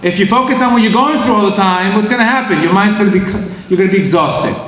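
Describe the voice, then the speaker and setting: A man delivers a fired-up motivational Torah lecture, throwing questions at his listeners and answering them himself. His voice sits a little high. He is recorded from some distance in a large synagogue hall with a long reverb and a faint hiss. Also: fast talker, fairly bright tone. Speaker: speaker giving a Torah talk. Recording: echoey hall, heard from a distance.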